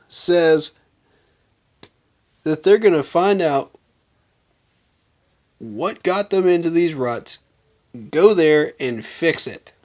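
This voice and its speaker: A man hosting a fan channel, giving a heated, emphatic rant full of slang to his viewers. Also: fairly high pitch. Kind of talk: casual fan rant to camera.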